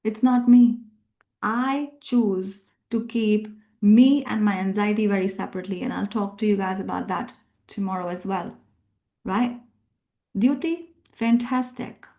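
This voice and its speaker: A woman's voice: mid-range voice, a little slow, darkish tone. A middle-aged woman coach leading a live workshop, emphatic and repetitive, rallying her group with questions. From immigrant living in Australia. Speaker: NLP coach and workshop trainer.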